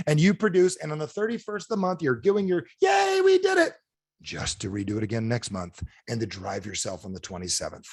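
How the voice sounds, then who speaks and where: A man delivers a lively motivational sales talk with a voice that swoops up and down. He keeps asking his listeners questions to pull them in. The sound is dry and close, with no room around it. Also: fairly low pitch, slightly rough, dry recording. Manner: animated, asks the audience repeated questions. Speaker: motivational speaker. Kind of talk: energetic sales training talk. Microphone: video call.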